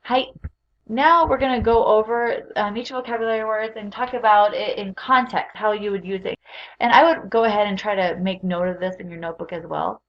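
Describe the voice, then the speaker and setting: A woman teaching a recorded beginner language lesson, speaking clearly and patiently as she leads repeat-after-me drills. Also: medium pitch, fairly even intonation, a little fast, highs cut off. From Utah.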